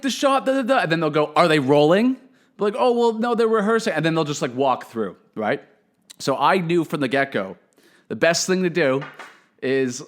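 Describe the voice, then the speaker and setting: A young man telling a casual story as a comedian host, animated and swearing, jumping into quick voices for the people he quotes. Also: medium pitch.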